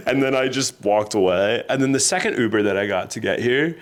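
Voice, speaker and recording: A man co-hosting a podcast, telling stories in a casual, animated way and laughing often. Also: medium pitch, a little slow. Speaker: podcast co-host. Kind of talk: casual storytelling chat.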